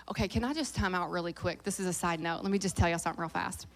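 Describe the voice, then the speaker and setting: A woman in her thirties with a Southern US accent, preaching a sermon in a lively, joking, fast-talking way and dropping to a hush when she prays. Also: fairly low pitch. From American South. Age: 30s. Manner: drops to a hushed voice in prayer. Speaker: guest preacher.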